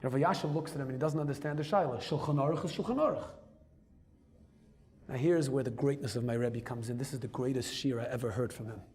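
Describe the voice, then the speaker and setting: A man telling a personal story as a rabbi, lively and emphatic, dropping Hebrew and Yiddish terms into his English. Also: mid-range voice, fast. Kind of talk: storytelling talk.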